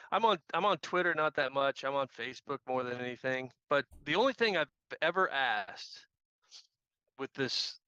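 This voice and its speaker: Bright-voiced man telling a story. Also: mid-range voice, clean tone, no room sound, dull audio. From Missouri. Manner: anecdotal, self-deprecating, repeats phrases. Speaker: guest, activist trainer. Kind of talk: casual storytelling.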